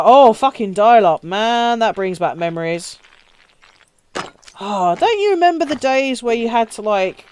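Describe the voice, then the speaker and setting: A slight background noise sits behind this woman's mid-range, darkish voice as she streams a game live. She talks casually with her audience, laughing a lot and cursing freely.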